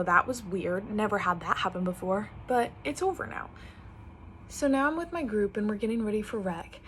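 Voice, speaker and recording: A woman's voice: medium pitch, a little hiss or hum. A young woman telling a chatty storytime while getting ready, animatedly quoting others. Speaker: vlogger.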